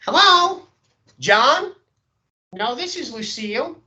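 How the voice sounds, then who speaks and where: A wary receptionist screening a caller, put on by a man raising his voice, guarded and clipped. Her voice sits high above a man's usual range and comes out bright. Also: big pitch swings, takes it slowly, full character voice. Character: female office gatekeeper, wary receptionist.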